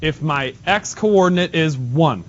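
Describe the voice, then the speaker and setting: A male math teacher teaching in a classroom, quizzing students and repeating key points in a brisk way. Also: a little high, expressive. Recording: dull lo-fi classroom recording with noise.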